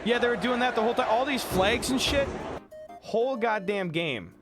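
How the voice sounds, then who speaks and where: A man hosting a livestream in casual chat, telling stories in an excitable, profane way. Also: very high-pitched, normal speed. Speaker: livestream host. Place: home streaming room. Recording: music playing behind.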